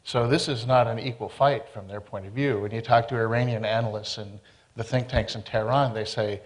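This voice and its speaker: A man's voice: mid-range voice, steady tone, brisk. Man on a panel, explains stuff like a lecture, keeps tossing in "all right?". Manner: explanatory, lecturing tone with tag questions. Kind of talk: panel discussion.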